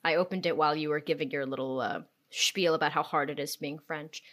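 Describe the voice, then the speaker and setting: A woman co-hosting a podcast in a casual comedic chat, with sarcastic, deadpan jokes. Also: low voice, fairly quick. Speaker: podcast co-host.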